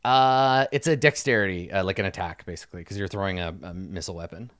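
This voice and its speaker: A man's voice: deep voice, quick pace, a bit bright. A man narrating as dungeon master in a loose, rambling casual way. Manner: loose, rambling, filler-heavy. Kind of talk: casual tabletop game narration.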